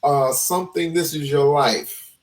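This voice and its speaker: A man's voice: on the high side, low-quality recording. A man hosting a casual talk, firing questions and restarting his sentences. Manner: quick questions, repeats and restarts. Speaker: talk show host. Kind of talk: casual debate chat.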